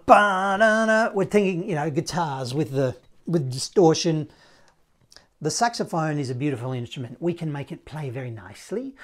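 A man's voice: on the high side, a little mellow. Upbeat male sax teacher, playful, scats the notes. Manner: upbeat, playful, sings note sounds. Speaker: saxophone teacher. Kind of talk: casual video lesson.

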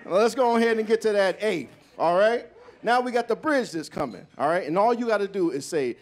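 Playful high-voiced man leading a club crowd. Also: lively intonation, fairly quick. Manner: playful, folksy, breaks into sung snippets. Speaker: bandleader leading audience participation. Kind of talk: onstage banter and call-and-response teaching. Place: live jazz club stage. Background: live jazz band.

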